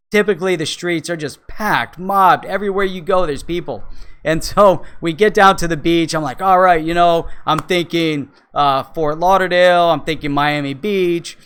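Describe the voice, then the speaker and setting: Male host, slightly high smooth voice, rambling anecdote delivery. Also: a bit bright. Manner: rambling, many fillers and restarts. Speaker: crypto show host. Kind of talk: casual storytelling.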